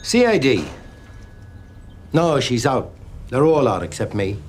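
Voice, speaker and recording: An actor playing a grumbling, offhand detective sergeant in a TV police drama. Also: male voice, mid-range voice, sing-song, slow, a little hiss or hum.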